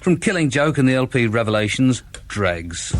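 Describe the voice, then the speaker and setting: A man in his forties, a radio DJ introducing records in a dry, unhurried way, with frequent "uh" pauses. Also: medium pitch, sing-song. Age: 40s. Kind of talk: radio show links between records.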